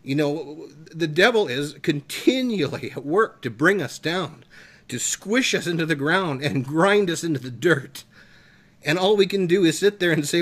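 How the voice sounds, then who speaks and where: A man's voice: fairly high pitch, expressive, normal speed, fairly bright tone. A man preaching fervently on a talk show, emphatic and emotional, his voice climbing when he gets worked up.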